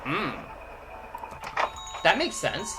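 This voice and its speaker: A man's voice: high-pitched, very animated, very slow, poor audio. A man chatting casually while streaming a video game, rambling from topic to topic and answering viewer comments. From United States. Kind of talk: casual chat over gameplay. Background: game music.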